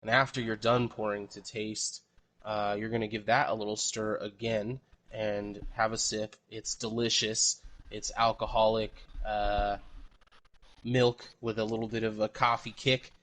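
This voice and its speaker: A man's voice: lowish voice, flat delivery, a little slow, fairly bright tone. A man hosting a casual podcast, rambling and correcting himself, swearing freely. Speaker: podcast host.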